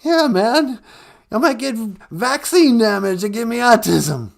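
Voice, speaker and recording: A man's voice: very high voice, animated, unhurried, creaky, pitched above the performer's own voice, heavily acted. A man doing the frantic, whiny Cowardly Lion. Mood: panicky. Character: panicky cowardly male lion caller, jittery. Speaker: phone-in caller in a comedy bit.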